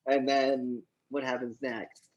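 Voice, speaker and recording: A man's voice: medium pitch, slow, muffled recording. A young man co-hosting a podcast, casually retelling movie scenes with acted-out lines and frequent swearing. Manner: animated retelling, acts out scenes, swears often. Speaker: podcast co-host. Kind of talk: casual movie review chat.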